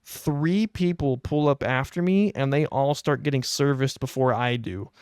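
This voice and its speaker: A young adult man hosting a podcast, telling a casual anecdote in a wry, animated way. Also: mid-range voice, measured pace, smooth, dry recording, studio quality. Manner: animated, wry storytelling with quoted asides. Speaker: podcast host.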